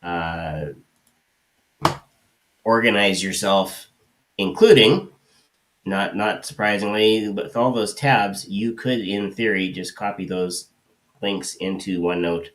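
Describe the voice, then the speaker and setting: Deep voiced guy rambling on about his note app setup, lots of uhs. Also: takes it slowly, pauses often, a bit bright. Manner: rambling, hesitant with many fillers. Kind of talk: casual explanation.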